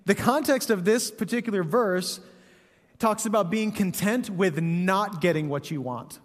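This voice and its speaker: A man's voice: high-pitched, unhurried, big-room sound. A man, a pastor, preaching a sermon in a conversational, joking way, often asking "right?".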